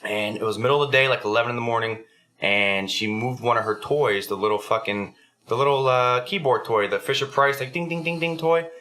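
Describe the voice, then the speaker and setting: Fast-talking man telling a story. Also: medium pitch, bright, forceful tone. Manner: profane, loose storyteller. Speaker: podcast host. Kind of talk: casual storytelling.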